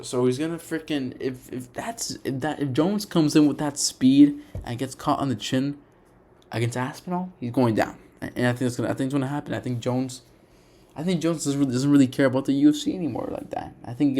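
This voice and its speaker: Excitable young man ranking fighters. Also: medium pitch, fairly quick. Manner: animated, repetitive, restarts often, says "bro" and "dude". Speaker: MMA commentator. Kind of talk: casual opinion monologue.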